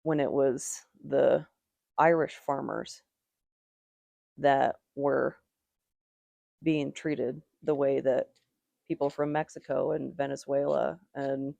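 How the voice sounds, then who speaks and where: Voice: mid-range voice, flat delivery, slow pace, creaky, pauses often, a little mellow, no echo. A tarot reader giving a casual, rambling reading, with strong opinions and lots of "like" fillers.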